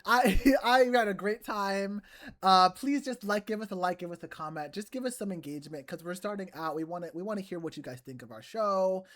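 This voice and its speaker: A woman co-hosting a casual podcast, telling a story in a candid, profane way and pitching in as the show's host. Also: fairly quick. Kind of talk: casual chat.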